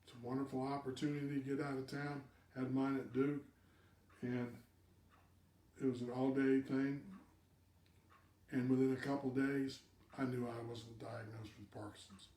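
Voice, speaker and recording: A man's voice: mid-range voice, little pitch movement, normal speed, long pauses, mellow, roomy sound, recorded from a distance. A man hosting a live video cast, giving direct advice to viewers and repeating words for emphasis.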